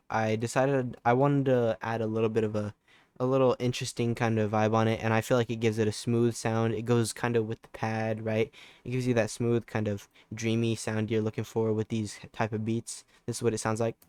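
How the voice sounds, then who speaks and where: A man's voice: on the low side, little pitch movement, moderate pace, darkish tone, clear, resonant tone, dry recording. A young man giving a casual, laid-back music production tutorial, loose and full of fillers and restarts. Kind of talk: casual screen-recorded tutorial.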